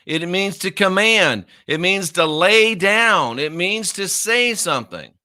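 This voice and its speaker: A man delivers a confrontational Bible lesson, mocking doubters and hammering each point through repetition. His voice sits a little high and comes across bright and forceful. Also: expressive, slow. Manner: combative, mocking, emphatic repetition. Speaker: minister.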